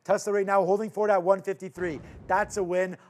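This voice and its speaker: Man, market show host, upbeat, jokey asides, fairly high voice. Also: level tone. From Canada. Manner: upbeat, joking, quick asides. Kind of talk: casual market recap chat.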